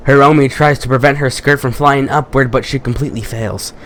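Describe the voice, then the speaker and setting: A man reading a visual novel aloud with commentary, haltingly, stumbling and restarting on words. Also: medium pitch, fairly even intonation, fairly bright tone, slight background noise. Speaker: gaming YouTuber.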